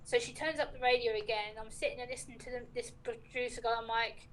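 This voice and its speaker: A woman guest chats casually and tells everyday stories full of quoted dialogue. Her voice sits high, and there is a faint hiss in the background. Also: fairly even intonation, fairly quick, fairly bright tone, rough recording. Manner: chatty, recounts talks with lots of quoted dialogue. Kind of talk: casual chat, storytelling.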